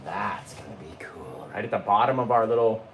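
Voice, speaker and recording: A man's voice: on the low side, a little fast, roomy sound, slight background noise, rough recording. A man teaching a live painting lesson, talking viewers through each brushstroke in a chatty way and calling them "guys". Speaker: painting instructor.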